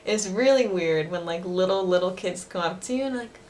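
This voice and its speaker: A woman's voice: on the low side, moderate pace, a little mellow, slight background noise. A young woman teaching words in a casual lesson, chatty, laughing often and using many fillers. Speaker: language teacher vlogger. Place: living in Osaka.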